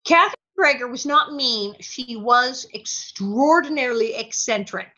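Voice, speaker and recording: Lively woman with a bright voice. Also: a little high, measured pace, lo-fi sound. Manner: lively, laughs often, acts out quoted voices. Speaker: guest, former actress. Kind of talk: animated interview storytelling.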